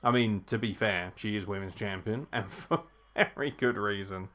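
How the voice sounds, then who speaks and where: A young man hosting a live wrestling watchalong, reacting excitedly, swearing often and breaking into laughs and shouts. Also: lowish voice, normal speed.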